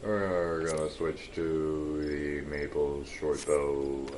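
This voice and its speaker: Deep slow guy goofing off over a game, little bit of background hiss. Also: flat delivery, darkish tone. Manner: joking, sings and clowns around. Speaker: streamer. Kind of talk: casual gaming chat.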